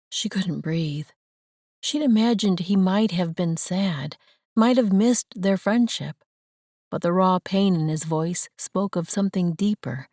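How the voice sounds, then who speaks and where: A woman narrates an audiobook in a gentle, measured way, her voice on the lower side. She reads unhurried, close to the mic, in a dry booth with no echo. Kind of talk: scripted narration.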